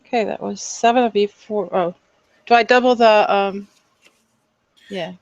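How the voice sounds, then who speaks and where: A woman playing a tabletop game, describing her character's actions in an animated way and searching for words. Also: mid-range voice, measured pace, no echo, muffled recording. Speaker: player.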